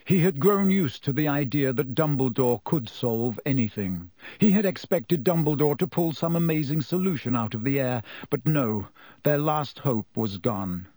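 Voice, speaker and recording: A man's voice: mid-range voice, expressive, normal speed, warm tone, no echo. A man reading a children's fantasy novel aloud as narrator, telling the story expressively. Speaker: audiobook narrator. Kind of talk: scripted narration.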